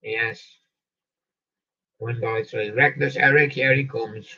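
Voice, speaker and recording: A man hosting a live stream, reading song lists slowly and cracking puns after each title. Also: medium pitch, steady tone, gravelly, breathy edge, far from the mic. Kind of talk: rambling live-stream chat with jokey asides. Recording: dull lo-fi sound, off-mic.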